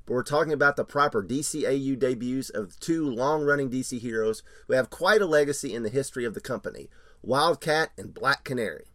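A man's voice: medium pitch, animated, a little fast, a bit bright, no echo, studio quality. A man co-hosting a podcast, chatting casually with laughs and reading an episode recap and credits. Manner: laughs often, reads credits and plot summary. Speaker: podcast co-host.

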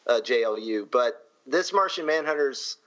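A man's voice: mid-range voice, expressive, normal speed, a bit bright. Chatty, laughing podcast man. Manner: chatty, laughs between points. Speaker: podcast co-host. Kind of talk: casual panel chat. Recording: slightly muffled sound.

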